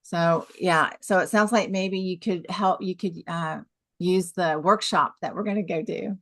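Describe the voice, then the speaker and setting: A woman's voice: fairly low pitch, fairly even intonation, a little slow, fairly bright tone, no echo, studio quality. A woman giving reassuring advice in a supportive conversation. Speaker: club member, author.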